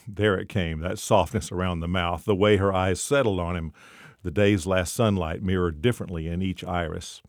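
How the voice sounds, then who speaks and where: A man narrating a short story in a measured storytelling manner. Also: low-pitched, fairly even intonation, dry recording, clean studio sound.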